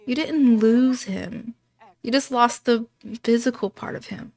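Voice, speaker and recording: A woman voicing a gentle, patient grandmother in a game, speaking softly and reassuringly. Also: a little high, measured pace. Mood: soothing. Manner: soft, soothing, reassuring.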